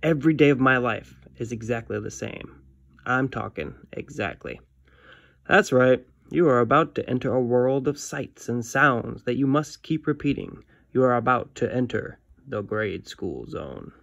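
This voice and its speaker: Male teacher reading a comic to kids, gravelly voice, dry close sound, friendly read-aloud. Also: mid-range voice, expressive, unhurried, fairly bright tone, no echo.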